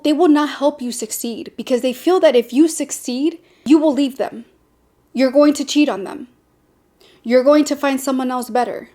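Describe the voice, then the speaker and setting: Sassy high-voiced woman giving blunt dating talk. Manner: blunt, sassy and animated, with sarcastic asides. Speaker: podcast host. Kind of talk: candid personal talk.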